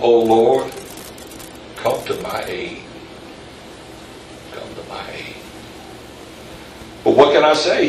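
A pastor in mid-sermon, talking casually and then building to emphatic peaks, throwing questions out to the pews. He is picked up from some distance in an echoey room, with a faint hum of ambience behind him. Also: medium pitch. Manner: conversational, rising to emphatic peaks, quizzing the congregation.

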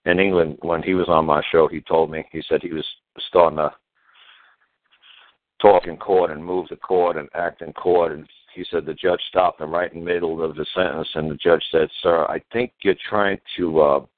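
A man's voice: a bass voice, flat delivery, moderate pace, no echo. An older man hosting a radio show, talking in a plain, blunt, repetitive, folksy way over a tinny phone-line sound. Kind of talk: casual talk radio chat.

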